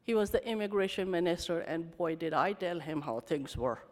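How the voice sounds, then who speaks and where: A middle-aged woman giving a candid, animated storytelling talk at a conference. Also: on the low side, moderate pace. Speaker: conference speaker. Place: conference hall. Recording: reverberant hall.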